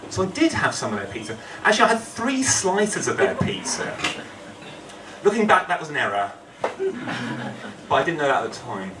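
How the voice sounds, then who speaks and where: A man's voice: fairly high pitch, wildly swooping pitch, normal speed, pauses often. A man telling a true story on stage at a storytelling night, rambling and self-deprecating with humour. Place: event hall. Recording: echoey hall, distant mic, noisy.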